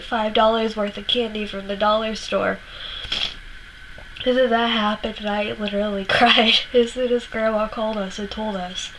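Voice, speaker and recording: Young woman vlogger, fairly high voice, rambling, faint noise behind. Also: poor audio. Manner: rambling, many fillers and restarts. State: tearful, upset. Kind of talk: personal storytelling vlog.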